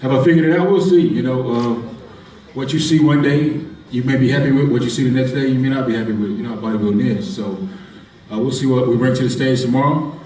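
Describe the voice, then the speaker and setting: A male bodybuilding competitor answering press questions in a humble, relaxed way. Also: mid-range voice, fast. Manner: humble, relaxed, hesitant with fillers. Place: press conference hall. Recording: echoey room, distant mic.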